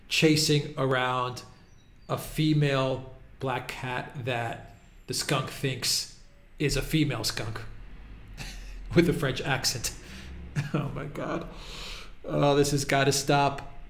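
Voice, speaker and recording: A political video host with a mid-range, vocal-fry voice speaks in an echoey room. His casual commentary is mocking and exasperated, and he often breaks into laughter.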